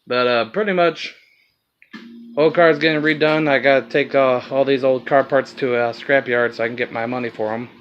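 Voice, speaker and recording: A man's voice: medium pitch, steady tone, moderate pace, lo-fi sound, faint music behind. A man with a slight Southern accent filming a rambling, casual walkaround of his car project, swearing now and then.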